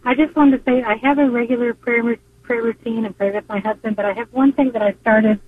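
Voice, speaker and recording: Female caller, earnest, a little halting, tinny phone audio. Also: a little high, steady tone, breathy edge, no echo. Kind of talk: phone-in call to a radio show. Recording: tinny phone line, dry.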